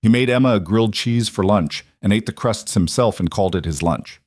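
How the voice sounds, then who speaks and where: A man narrating a scripted story in a steady, plain manner. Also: fairly low pitch, fairly quick, dry recording.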